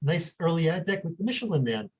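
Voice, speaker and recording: A man's voice: fairly high pitch, very animated, fast, a little mellow, slightly rough, rough recording. A man on a panel reading lot descriptions aloud in a plain, matter-of-fact way.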